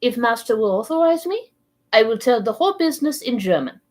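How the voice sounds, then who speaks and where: A woman reading aloud, voicing a serene, deferential young manservant who speaks in a calm, philosophical way. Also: fairly high pitch, brisk. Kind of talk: read-aloud storybook voice.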